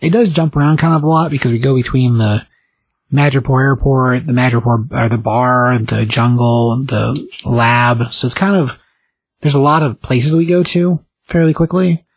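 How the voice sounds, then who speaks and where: A man casually recapping and reviewing a comic book as a podcast host, rambling and animated as he quotes the characters. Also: medium pitch, normal speed, breathy edge, no room sound.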